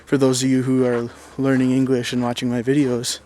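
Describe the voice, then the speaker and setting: A young man with a Minnesotan accent, talking casually to his viewers in a relaxed, rambling way with plenty of fillers. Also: medium pitch, a little fast, a little hiss or hum. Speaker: YouTuber. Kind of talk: casual talk to camera.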